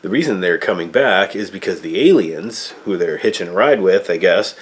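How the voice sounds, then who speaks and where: Guy ranting casually about a movie, exasperated and rambling, lowish voice. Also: lively intonation, normal speed. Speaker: movie reviewer.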